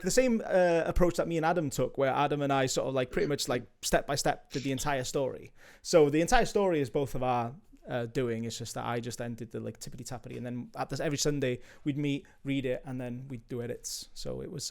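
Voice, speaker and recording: A man's voice: mid-range voice, creaky, a little mellow. A man with a Welsh accent, a co-writer chatting casually and joking with friends before a live script read. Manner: chatty and quick to laugh, jokey. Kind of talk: casual chat and cold script reading.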